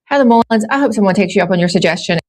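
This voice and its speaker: A woman hosting an interview, speaking in a measured, appreciative way. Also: mid-range voice, animated, darkish tone. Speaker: host. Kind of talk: interview talk.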